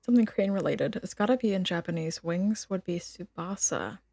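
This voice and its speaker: Streaming a game, a woman reads its text aloud and trades teasing, giggly banter with her chat. Her voice is on the low side, warm and expressive, at a moderate pace, with no room sound.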